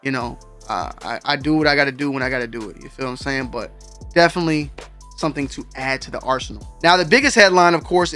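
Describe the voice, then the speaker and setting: A man's voice: a little high, pushed and bright. A man hosting a sneaker news show, talking casually and slangily straight to his viewers. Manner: slangy, conversational, addresses viewers directly. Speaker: show host.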